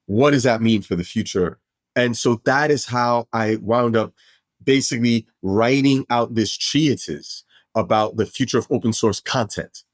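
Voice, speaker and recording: A middle-aged man from Brooklyn talks through his story as a podcast guest, animated and expansive, often restarting a phrase mid-thought. His voice sits at an ordinary male pitch, recorded close and dry. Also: measured pace, no room sound. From Brooklyn, New York. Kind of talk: casual storytelling interview.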